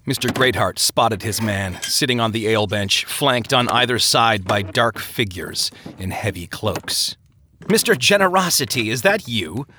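A man reading a story aloud as narrator, with an expressive delivery. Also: fairly low pitch, measured pace, few pauses, slight background noise.

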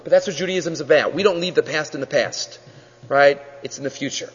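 A man teaching a Torah class as a rabbi, animated and full of questions. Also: a little high, a little fast, husky. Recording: dull lo-fi audio in a reverberant hall.

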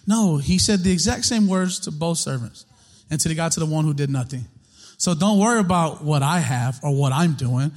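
A man's voice: on the high side, a little fast. Conversational preacher man in a reverberant hall. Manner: conversational, rhetorical questions, repetition. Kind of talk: sermon.

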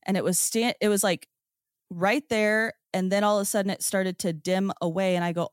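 A woman of middle pitch, recounting her experience to podcast hosts in relaxed, chatty speech. Her words tumble out eagerly, filled with "like" and small restarts. Her voice sounds close and dry, with no room echo. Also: fairly quick, smooth. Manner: excited storyteller, peppered with "like" and "um". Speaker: podcast guest. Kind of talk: casual first-person storytelling.

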